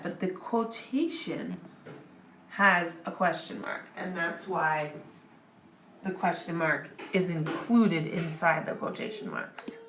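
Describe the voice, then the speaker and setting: A woman with a fairly low voice, slightly hissy or humming in the background, tutors grammar like a classroom lesson. She patiently walks through each step, often checking in with "okay?" and "right?"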